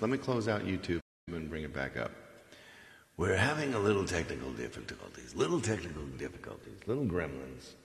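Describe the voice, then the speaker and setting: Low, gravelly man hosting a casual live stream, lively and joking, with long roomy reverb. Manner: joking, rambling, playful. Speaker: live stream singer host.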